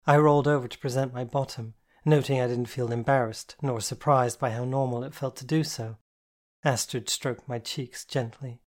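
Male audiobook narrator, mid-pitched, measured first-person storytelling. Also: steady tone, a little mellow.

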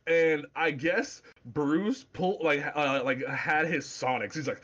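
A man co-hosting a casual comic book podcast, talking in an animated, profane way with stammering restarts. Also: fairly high pitch, unhurried, few pauses. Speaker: podcast co-host.

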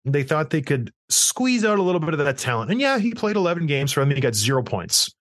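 A man in his thirties co-hosting a hockey talk podcast, talking in animated, ranting bursts. His pitch swings widely as he tells his stories. The sound is close and dry. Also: fairly quick, no echo. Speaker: podcast co-host.

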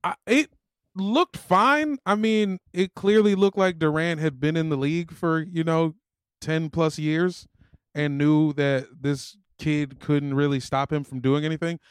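Male co-host, higher than average, crisp tone, joking casual game recaps. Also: dry recording, clean studio sound. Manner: wisecracking, quick jokes. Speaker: podcast co-host. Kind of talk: casual sports chat.

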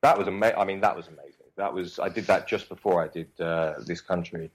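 Poor audio captures a young man with a low-pitched, steady voice speaking at a quick pace. He's an actor with a Cockney accent, swearing freely and rambling through a casual interview chat as the guest.

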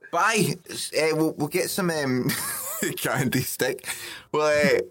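A man's voice: a little high, expressive, slow pace, a bit bright, soft background music. A Scottish man hosting a podcast, joking and swearing in casual banter with his mates. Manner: swearing, joking, bursts of laughter. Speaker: podcast host.

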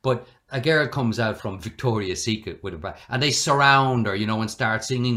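A middle-aged Irish man telling stories in a relaxed interview, animated and given to acting out the people he quotes. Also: mid-range voice, normal speed, hardly any pauses. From Ireland. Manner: animated, acts out quoted voices. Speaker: guest. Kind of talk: conversational storytelling.

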